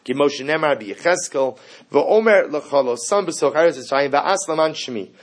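A man teaching a Torah class in a husky, slightly raised voice. He talks in an animated way, fires off rhetorical questions and weaves Hebrew terms into his English. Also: fairly high pitch, normal speed.

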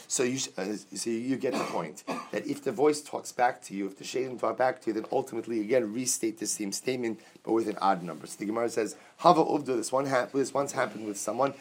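A man teaching a Talmud class, reading Aramaic phrases and explaining each in English, energetic and joking with his students. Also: mid-range voice, quick pace, hardly any pauses.

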